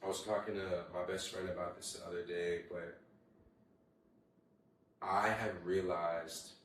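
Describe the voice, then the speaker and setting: A young man hosting a casual solo podcast, telling animated stories with lots of swearing and acting out what people said. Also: low-pitched, unhurried, distant mic, slight background noise. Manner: animated storytelling, heavy swearing, acts out quotes. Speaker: podcast host. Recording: very echoey room, voice away from mic.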